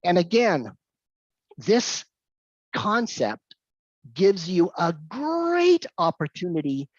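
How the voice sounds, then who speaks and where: Woman teacher, slow and lively, lots of "okay", dull dry audio. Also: fairly low pitch, no room sound. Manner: animated storytelling, repeats key points, frequent "okay". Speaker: English teaching speaker. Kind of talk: lecture with anecdote.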